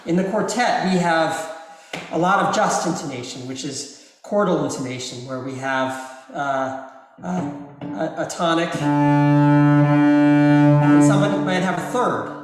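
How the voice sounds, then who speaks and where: A man, a cellist, answering audience questions in a live masterclass, talking in an unhurried, thoughtful way with frequent ums and uhs. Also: a little high, expressive, soft background music. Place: large reverberant hall. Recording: very echoey hall with cello in the background.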